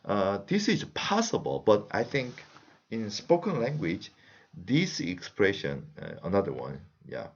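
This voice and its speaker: A man's voice: fairly low pitch, sing-song, a little slow, breathy edge. A man with a Korean accent, a native Korean speaker teaching a language lesson in English, patiently repeating example phrases with frequent "uh" fillers. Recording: slightly muffled lo-fi audio.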